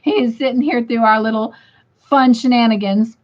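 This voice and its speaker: A woman's voice: on the high side, fairly even intonation, normal speed. A woman hosting a livestream, reading chat comments aloud and laughing often. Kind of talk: casual chat. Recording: dull lo-fi sound.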